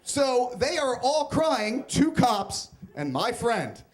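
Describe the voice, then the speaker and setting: A man's voice: very high-pitched, very animated, slow pace. A young man telling a comic, self-mocking personal story on stage at a live storytelling event.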